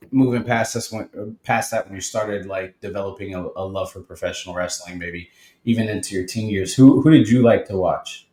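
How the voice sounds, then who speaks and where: Enthusiastic male host in an echoey room. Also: fairly low pitch. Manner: enthusiastic, says "man" a lot. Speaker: podcast host. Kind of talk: casual interview chat. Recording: roomy echo.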